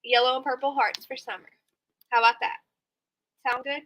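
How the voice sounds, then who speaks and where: Giggly high-voiced woman streaming late at night. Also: fairly even intonation, normal speed, fairly bright tone, poor audio. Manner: giggly, chatty, reads and answers viewer comments; snorting laughs. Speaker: live stream host. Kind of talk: casual late-night live stream chat. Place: home room at night.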